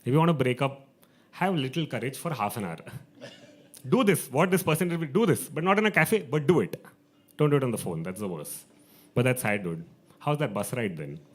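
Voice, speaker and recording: A man's voice: mid-range voice, expressive, moderate pace. A man hosting an open mic, telling a comic story to a live audience, chatty and self-mocking.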